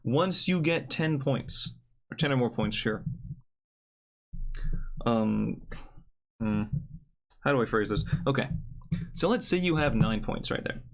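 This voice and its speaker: A man's voice: mid-range voice, lively intonation, slow, pauses often. A young man giving a casual, joking card review with blunt opinions.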